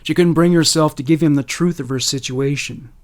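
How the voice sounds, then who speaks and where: Serious male narrator. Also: fairly high pitch. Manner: measured, serious. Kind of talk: scripted narration.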